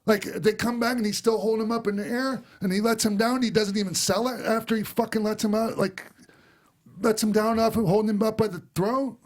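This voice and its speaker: A man talks on a podcast in a high voice and rants with heat, swearing freely as he vents. His tone is casual and blunt. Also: fairly even intonation, fairly quick. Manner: ranting, profane, heated. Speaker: podcast host.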